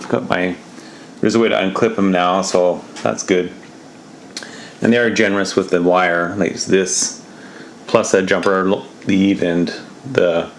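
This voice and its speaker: A deep-voiced man talks through a motorcycle job in his garage, laid-back and rambling, with a touch of exasperation. A faint hiss of background noise sits under his voice. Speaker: motorcycle DIY vlogger. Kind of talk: casual how-to narration.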